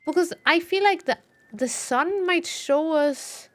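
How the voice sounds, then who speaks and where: A woman's voice: very high-pitched, slow pace. A young woman streaming a game live, reacting with giggles and playful exclamations as she plays. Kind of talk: live gameplay commentary.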